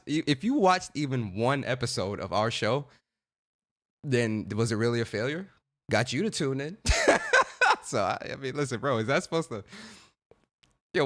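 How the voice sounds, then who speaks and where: A young man hosting a casual gaming livestream, chatting in laid-back slang, greeting viewers by name and laughing often. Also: fairly low pitch.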